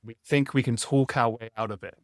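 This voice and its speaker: A man's voice: medium pitch, fairly even intonation, fairly quick, no echo, studio quality. A man hosting a podcast, talking in a reflective, conversational way and often ending with tag questions. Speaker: podcast host. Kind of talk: casual conversation.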